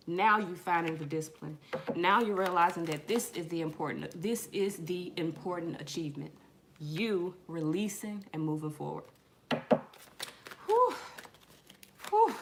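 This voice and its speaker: A middle-aged woman doing a casual tarot reading, telling lively stories in slang and swearing as she talks to her viewers. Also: mid-range voice, slight background noise. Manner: animated storytelling, slangy, swears, addresses viewers as y'all. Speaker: tarot reader.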